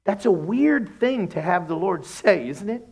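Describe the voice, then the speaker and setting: A middle-aged man preaching a sermon as a pastor, telling humorous stories and acting out conversations in a lowered voice. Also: unhurried, husky. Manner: animated, humorous storytelling that acts out dialogues in a lowered voice.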